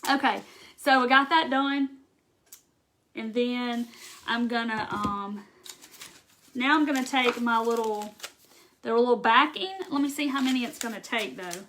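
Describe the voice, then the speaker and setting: A fairly high, slightly bright female voice, measured and marked by long pauses, with slight background noise. She hosts a craft livestream from Mississippi, chatting in a Southern accent, reading out viewer comments and saying "y'all" as she demonstrates.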